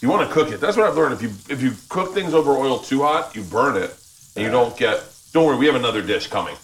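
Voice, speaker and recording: Animated man hosting a cooking show. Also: mid-range voice, fast. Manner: upbeat, swears casually while cooking. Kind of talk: casual cooking demo chat. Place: home kitchen.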